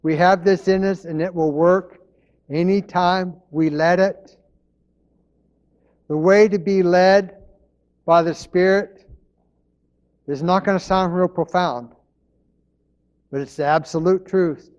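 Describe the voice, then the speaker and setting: Man, pastor, earnest sermon, repeats phrases, somewhat high voice, muffled lo-fi sound. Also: steady tone, takes it slowly, pauses often, darkish tone.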